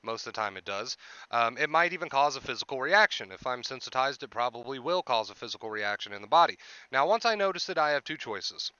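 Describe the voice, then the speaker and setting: Bright, crisp-voiced man coaching earnestly. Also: medium pitch, lively intonation, fast talker, no echo, dull audio. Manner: earnest, repeats rhetorical questions with tag "right?"; clears throat now and then. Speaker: anxiety coach. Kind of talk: explanatory self-help monologue.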